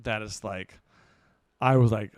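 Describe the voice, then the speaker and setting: A man's voice: on the low side, fairly even intonation, measured pace, darkish tone, no room sound, studio quality. A young man co-hosting a podcast, chatting casually about styling clients in a laid-back, rambling way with lots of fillers. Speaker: podcast co-host and celebrity stylist. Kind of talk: casual chat.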